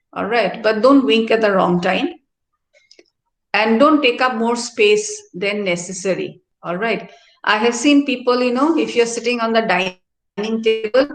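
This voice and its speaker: A middle-aged woman, a professor giving a classroom lecture and often checking in with "all right?". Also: mid-range voice. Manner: explanatory, asks tag questions like "no?" and "all right?". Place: university activity centre hall. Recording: roomy hall echo.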